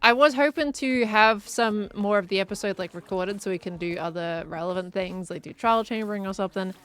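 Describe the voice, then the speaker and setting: A woman's voice: mid-range voice, a little fast, fairly bright tone, clear, resonant tone, soft background music. A woman streaming a building game, chatting casually and reading out chat messages as she plays. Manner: chatty, reads out chat messages and muses aloud while building. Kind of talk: casual live-stream chat while gaming.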